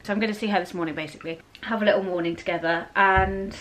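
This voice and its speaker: A woman's voice: medium pitch, very fast, few pauses, a bit bright, low-quality recording. A woman with an English accent chatting casually to her camera in a rambling vlog, often correcting herself. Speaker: vlogger.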